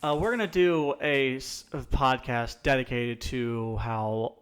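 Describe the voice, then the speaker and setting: A man hosting a casual podcast, asking questions in a halting way with many restarts. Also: medium pitch, a bit bright, clear, resonant tone.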